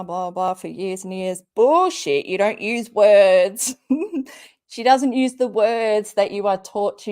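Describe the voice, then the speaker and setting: Her voice is medium in pitch and a little mellow. She's the woman hosting a live commentary stream, reading tweets out loud and ranting at them with sweary, angry sarcasm.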